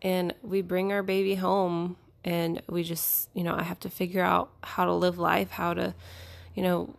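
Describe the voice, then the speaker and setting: Chatty young woman with a gravelly low voice. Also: level tone, a little slow. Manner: chatty and rambling, with frequent laughs and fillers. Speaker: podcast host. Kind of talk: casual personal storytelling.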